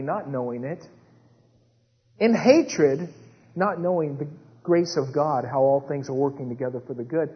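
A man preaching a sermon with dramatic swings between hushed retellings and rising intensity. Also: a little high, normal speed. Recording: dull sound with long hall reverb.

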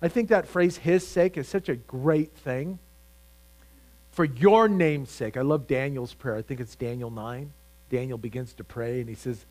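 A man's voice: mid-range voice, unhurried, a little mellow, low-quality recording. A man preaching a sermon as pastor, talking conversationally with frequent restarts and rising emphasis.

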